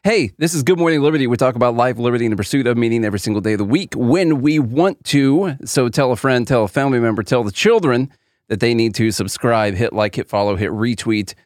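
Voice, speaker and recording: Energetic man co-hosting a talk show. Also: mid-range voice, a little fast, dry recording, studio quality. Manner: energetic, chatty. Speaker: podcast co-host. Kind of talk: casual political talk.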